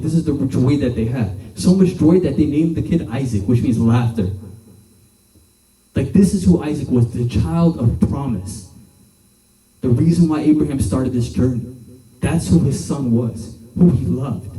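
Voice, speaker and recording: A man's voice: fairly high pitch, warm tone. A young man giving a casual sermon to a youth group, chatty and full of fillers, acting out the voices he quotes. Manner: conversational, filler-heavy with many "like"s, acts out quoted voices. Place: church hall. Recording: echoey room from a distance.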